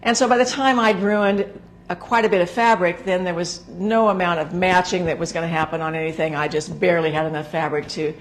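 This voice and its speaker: Hoarse woman, chatty sewing host. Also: fairly low pitch, fairly even intonation, a little fast, a little hiss or hum. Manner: chatty, rambling, with frequent filler words. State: hoarse, gravelly voice. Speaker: sewing instructor and show host. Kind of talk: casual talk to camera.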